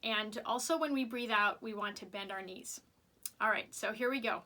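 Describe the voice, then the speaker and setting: A woman music teacher leading children through vocal warm-ups, upbeat and patient, showing each exercise aloud. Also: medium pitch, moderate pace.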